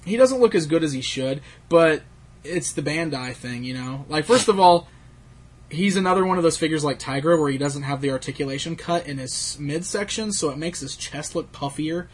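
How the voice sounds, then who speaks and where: A man with a slightly husky, raised voice hosts a relaxed talk about toy releases. He rambles, stacks up fillers and breaks into laughs. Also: a little high, moderate pace. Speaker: toy collecting show host. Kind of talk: casual chat about action figures.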